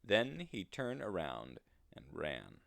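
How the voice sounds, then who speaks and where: A man reads a children's storybook aloud in a low, unhurried voice. His pitch swings widely with sing-song expression. The recording is dry and close, with no room echo. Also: huge pitch swings, vocal fry, a bit bright.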